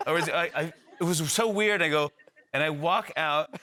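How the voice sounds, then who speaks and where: Man, talk show guest, comic anecdote, bright tone, slightly higher pitch, acts out dialogue. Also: fairly quick. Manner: animated storyteller, acts out dialogue. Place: TV studio.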